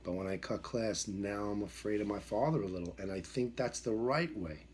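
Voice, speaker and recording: A man's voice: on the low side, normal speed, darkish tone, slight background noise. A middle-aged man, a dog trainer, telling a story in an emphatic, repetitive way and acting out the voices in it. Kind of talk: storytelling monologue.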